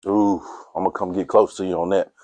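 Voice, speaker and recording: A middle-aged man giving a motivational talk to a sports team, energetic and casual, quizzing his listeners and laughing often. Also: low-pitched, fast talker, no echo. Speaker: motivational speaker.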